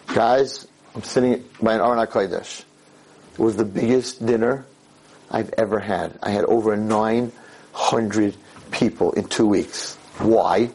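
A man lecturing and telling a parable in an animated way, mixing in Yiddish words. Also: on the low side, moderate pace, husky, rough recording. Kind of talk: storytelling sermon.

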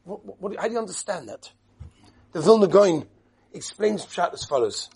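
A man preaches a sermon in a husky, high-pitched voice. He speaks with deep conviction and leans on each phrase with dramatic pauses. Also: animated, darkish tone. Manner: impassioned, emphatic, dramatic pauses. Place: study hall.

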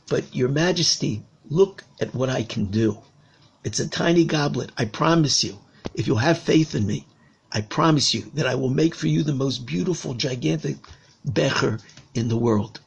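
A man's voice: mid-range voice, gravelly, husky, muffled recording. A man doing a pleading goldsmith. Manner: pleading, earnest.

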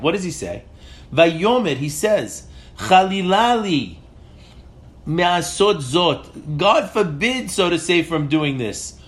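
A man with a high voice leads a Torah class lecture. He reads Hebrew verses aloud and then explains them in English. He retells the commentary dramatically, pressing questions as he goes. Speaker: Torah teacher.

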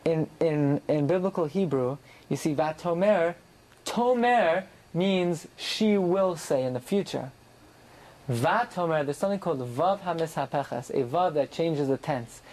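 Torah class teacher, reads Hebrew lines then English, mid-pitched, dramatic, emphatic rises. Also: lively intonation, unhurried, darkish tone, rough recording. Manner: reads Hebrew phrases and translates each into English; dramatic, swings sharply up for emphasis. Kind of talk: verse-by-verse Bible class.

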